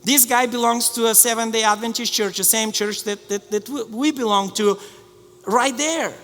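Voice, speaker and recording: A man preaching a sermon as pastor, telling a personal story with lively restarts and repeated words. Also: very high voice, normal speed, big-room sound, faint music behind. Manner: storytelling, animated with many restarts. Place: church sanctuary.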